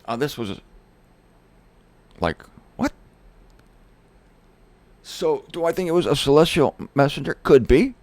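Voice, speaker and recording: Lively man telling a story. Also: a little high, unhurried, pauses often. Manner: animated, quoting others in acted-out voices. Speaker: host. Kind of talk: casual storytelling monologue.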